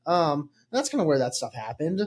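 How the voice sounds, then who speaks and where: A man's voice: fairly high pitch, big pitch swings, normal speed, darkish tone. A young man hosting a podcast in casual chat, rambling and joking with lots of fillers. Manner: rambling, jokey, filler-heavy. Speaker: podcast host.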